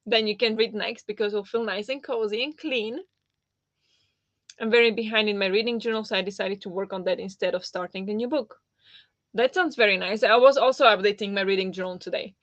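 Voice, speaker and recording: A woman's voice: mid-range voice, a little fast, a bit bright, dry recording, muffled recording. A woman hosting a casual livestream chat, talking with lots of fillers and reacting to viewer comments. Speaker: livestream host.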